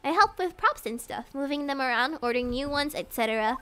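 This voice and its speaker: A woman's voice: high voice, animated, fairly quick, sharp tone. A woman reading as a polite studio assistant.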